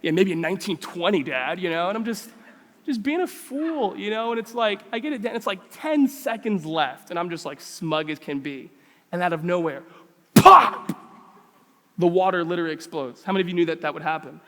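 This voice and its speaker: High-voiced pastor preaching in a reverberant hall. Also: male voice, a little fast. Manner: animated, humorous storytelling with many rhetorical questions. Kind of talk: sermon. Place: church sanctuary. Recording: long church hall reverb.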